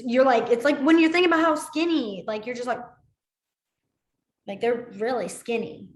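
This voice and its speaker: A chatty woman with a somewhat high voice leads a beginner sign language class. She wanders through asides and fills pauses with ums and likes. The sound carries a clear echo from the room. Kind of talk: casual spoken class instruction. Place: library classroom. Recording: echoey room.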